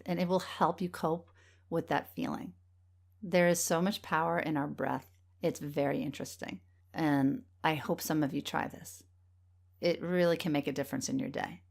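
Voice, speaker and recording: Middle-aged woman doing her own podcast, kinda low voice, earnest and encouraging, a bit emotional. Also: gravelly. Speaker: podcast host. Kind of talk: heartfelt solo podcast talk.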